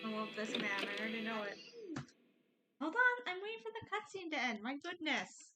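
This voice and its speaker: A woman streamer giving casual gaming commentary, chatty and quick to react to what happens on screen. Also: high-pitched, loud music behind the voice. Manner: chatty, excitable reactions to the game. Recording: loud background noise.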